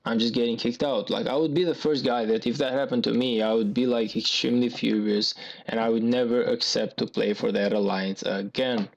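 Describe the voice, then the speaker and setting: Gravelly man ranting over gameplay. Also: medium pitch, steady tone, a little fast, hardly any pauses, dull audio. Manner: agitated, repetitive venting. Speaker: gaming YouTuber. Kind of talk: gameplay commentary rant.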